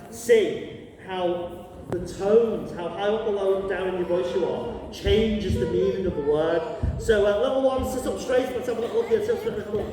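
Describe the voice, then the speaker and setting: A man with a high voice runs a lively Cantonese greetings workshop for kids and families, drawing out each tone like an animated teacher. It takes place in a big gallery hall with a crowd, recorded from a distance with plenty of echo.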